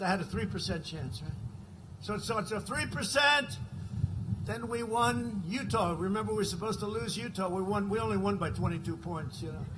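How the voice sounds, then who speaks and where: This rally speech comes from a man with a high-pitched voice who rambles, repeats himself, and keeps checking with the audience by asking "right?" Background noise is audible.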